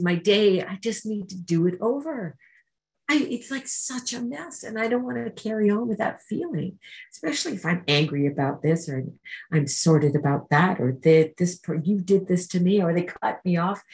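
Woman with a low voice giving a recovery testimony. She is earnest and conversational and acts out her stories. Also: rough recording. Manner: earnest, conversational storytelling that acts out quoted exchanges. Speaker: speaker sharing her recovery story. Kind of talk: personal testimony at a recovery meeting.

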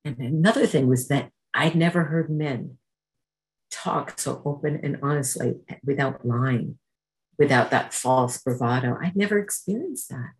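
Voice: mid-range voice, poor audio. A speaker from Canada gives an emotional personal testimony at a recovery meeting, acting out remembered voices while telling the story.

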